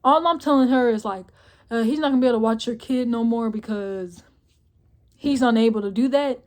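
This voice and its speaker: A young woman telling a personal story in a casual vlog, blunt and profane, often close to tears, tossing in "boom, boom, boom" as she goes. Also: brisk, a little mellow. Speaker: vlogger.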